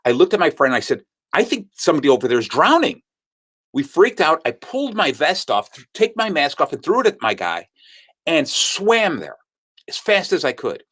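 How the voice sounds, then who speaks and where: Speaking at normal speed in a slightly high voice, a male sales speaker tells a story and animatedly acts out what people said.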